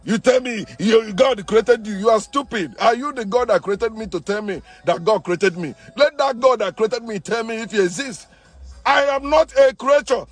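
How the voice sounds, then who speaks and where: A man with a high voice preaches his point hard, hammering the same phrases over and over and restarting mid-sentence. Faint music plays underneath him. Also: moderate pace, no echo. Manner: forceful, preachy, repeats himself, stumbles and restarts. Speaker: online commentator. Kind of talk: impassioned monologue.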